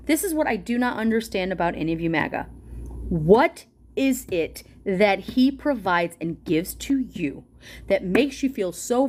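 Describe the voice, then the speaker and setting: A woman with a slightly high, somewhat mellow voice delivers an angry, profane political rant straight to camera, heated and confrontational. She is a political commentator reading a policy document aloud.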